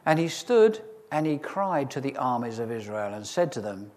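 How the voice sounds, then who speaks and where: A man preaching a sermon, reading scripture and retelling it in a lively, humorous storytelling way with asides to the listeners. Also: medium pitch, normal speed, hardly any pauses.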